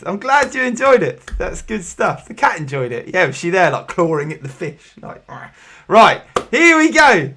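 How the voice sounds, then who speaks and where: High-voiced chatty quiz host. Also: male voice. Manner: chatty, jokey, bursts of loud excitement. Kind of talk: casual online quiz hosting.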